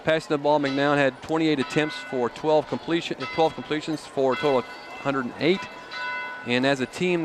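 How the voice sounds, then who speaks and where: A man calling a local high school football game, reading off stats with many pauses and fillers. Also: a little hiss or hum. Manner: halting, filler-heavy stat reading. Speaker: play-by-play commentator. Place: outdoor football stadium broadcast booth.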